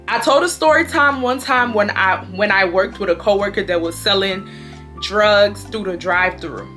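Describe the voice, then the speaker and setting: A woman, telling a casual storytime with slang and swearing. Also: mid-range voice. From Houston, Texas. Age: 20s. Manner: animated, slangy, swears freely. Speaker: storytime vlogger.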